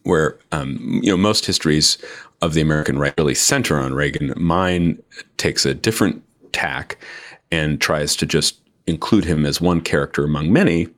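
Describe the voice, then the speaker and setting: A man in his forties, an author guest in an interview, talking slowly and deliberately with many fillers. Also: very deep voice. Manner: slow, deliberate, with frequent fillers. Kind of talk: interview discussion.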